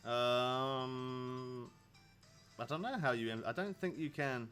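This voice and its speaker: An Englishman in his thirties streams a fishing game, rambling casually and chatting with viewers while laughing often. His voice is medium-pitched and a bit bright, he speaks slowly, and faint music plays behind him.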